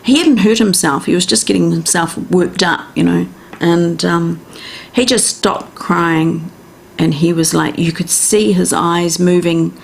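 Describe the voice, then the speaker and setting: Woman, New Zealand accent, radio wellness host, gravelly fry, a little low, gentle step-by-step coaching. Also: fairly even intonation, unhurried. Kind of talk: casual instructional radio talk.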